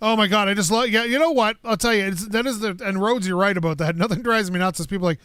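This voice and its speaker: A high-pitched man chats his way through a building game, rambling loosely to himself and to viewers. His voice sits close and dry on the mic, with no room sound around it. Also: fast, few pauses, fairly bright tone, clear, resonant tone, dry recording. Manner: rambling, chatty, talks to himself and chat. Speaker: gaming streamer. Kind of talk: casual gameplay commentary.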